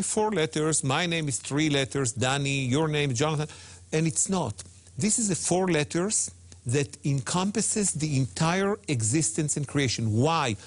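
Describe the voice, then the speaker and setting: A man, a guest teacher on a religious talk show, speaking emphatically and repeating himself, slowing down to spell out Hebrew words. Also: a little high.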